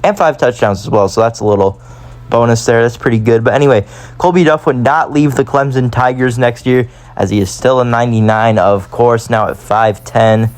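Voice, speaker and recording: A man's voice: mid-range voice, steady tone, moderate pace. A man giving casual gameplay commentary, rambling and often correcting himself. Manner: rambling, self-correcting, chatty. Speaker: gaming YouTuber.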